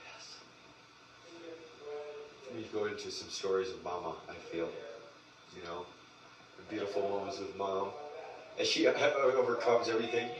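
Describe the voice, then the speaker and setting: A man preaching on a livestream, cursing freely and swinging from loud proclamations to hushed murmurs. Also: low-pitched, fairly even intonation, moderate pace, pauses often, echoey room, recorded from a distance, poor audio. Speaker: spiritual group leader.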